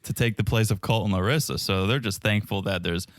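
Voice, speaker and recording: A man's voice: on the low side, fairly quick, no room sound, studio quality. A man co-hosting a podcast, recapping reality TV in casual, wisecracking chat. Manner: wisecracking, skeptical. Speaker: podcast co-host.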